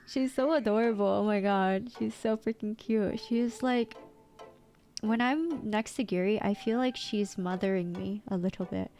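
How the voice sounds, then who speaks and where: A woman with an American accent chatting casually on a livestream, excitable and playful, breaking into squeaky outbursts as she reads chat aloud. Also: a little slow, soft background music. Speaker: VTuber streamer.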